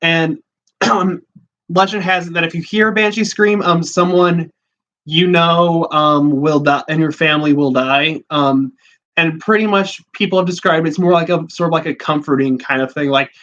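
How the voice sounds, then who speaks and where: A man's voice: a little high, fairly even intonation, moderate pace, fairly bright tone. A man hosting a casual livestream, talking in a chatty, rambling way with many fillers. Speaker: podcast host. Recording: dull lo-fi sound.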